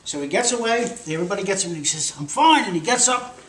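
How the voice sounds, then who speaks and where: An older man, a grandfather, telling a rambling, animated story to children in a casual way. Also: high-pitched, very fast. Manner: rambling, animated, acts out voices with shouts. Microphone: camcorder across the room. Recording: echoey room, distant camera, loud noise.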